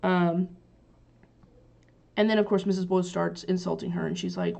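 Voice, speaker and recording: A woman's voice: lowish voice, steady tone, normal speed, gravelly, darkish tone. A woman teacher casually recapping a play for her students, chatty and loose with lots of fillers. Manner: chatty, paraphrasing lines loosely with many fillers. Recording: dull lo-fi recording.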